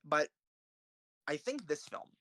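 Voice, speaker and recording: A man giving casual, opinionated film commentary, rambling with many restarts and fillers, profane and excitable. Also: a little high, takes it slowly. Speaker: filmmaker and author ranking films.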